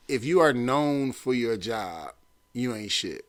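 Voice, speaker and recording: A man's voice: mid-range voice, animated, measured pace. A man hosting a talk show, giving blunt, streetwise advice and repeating his points for emphasis. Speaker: podcast host.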